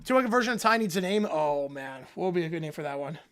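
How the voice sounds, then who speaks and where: A man's voice: on the high side, fast talker. Chatty man hosting a livestream. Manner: relaxed, chatty, self-deprecating asides. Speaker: livestream host. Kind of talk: casual livestream chat, reading donations.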